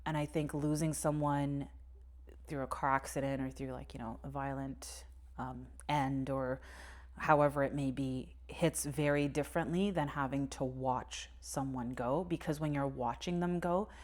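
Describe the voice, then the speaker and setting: Young woman, low voice, podcast co-host, candid and sweary, tells a personal story with nervous laughs. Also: steady tone, moderate pace, darkish tone. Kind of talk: casual conversation.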